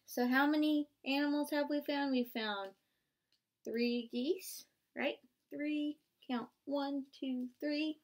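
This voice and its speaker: A woman's voice: high-pitched, a little mellow. A young woman, a student teacher, reading a picture book aloud to small children, asking them to join in, count and make animal sounds, with playful gasps of surprise. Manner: interactive and encouraging, asks children to join in.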